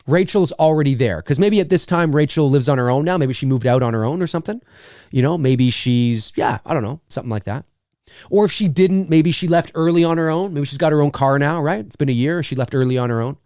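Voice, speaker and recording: Answering comments from viewers, a middle-aged man runs a live stream in a loose, rambling, animated style, swearing freely and acting out brief asides. His voice is a little high, and the studio-quality recording has no echo.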